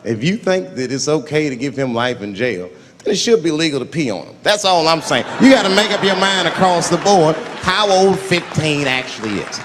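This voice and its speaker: A man's voice: fairly high pitch, lively intonation, normal speed, hardly any pauses, a little hiss or hum. A man from Washington DC doing a stand-up comedy set, telling stories in a loose, profane way. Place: large live theater. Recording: live echoing hall with loud audience.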